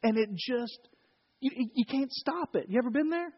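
A middle-aged man with a Southern US accent preaches a sermon with a high voice. His folksy delivery runs from loud stories to hushed solemn points. The sound is muffled and carries a long church-hall reverb. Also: expressive, normal speed, husky. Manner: folksy, swings between loud storytelling and quiet solemn preaching. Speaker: pastor. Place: church sanctuary.

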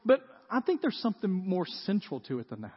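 High-voiced male pastor preaching. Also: wildly swooping pitch, brisk, breathy edge. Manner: conversational, asks the audience rhetorical questions. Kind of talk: sermon. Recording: dull sound with long hall reverb.

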